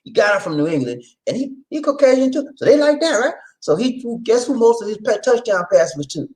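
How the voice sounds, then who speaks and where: A man's voice: very high-pitched, fairly quick. A man from Charleston, South Carolina with a Gullah Geechee accent, hosting a casual live stream and reading viewer comments aloud. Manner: animated, laughing, reads chat aloud. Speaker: channel host.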